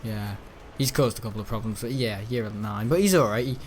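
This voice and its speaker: A man's voice: fairly low pitch, a little fast, slight background noise. A young man, chatting casually and telling school stories while gaming. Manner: chatty, storytelling, mimics the people he talks about. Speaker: gaming channel host. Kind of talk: casual rambling chat over gameplay.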